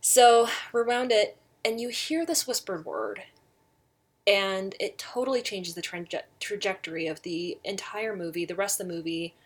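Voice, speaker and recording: A middle-aged woman telling a personal story in a chatty, animated way, laughing often. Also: medium pitch, moderate pace. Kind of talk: casual storytelling.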